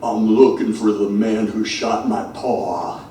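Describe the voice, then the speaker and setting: Pun-loving dad telling groaners as a comedian puts him on, slow, pleased with himself, echoey room. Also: male voice, lowish voice, steady tone, heavy background noise, pitched below the performer's own voice. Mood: deadpan. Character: corny pun-loving father. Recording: very echoey room, mic far away.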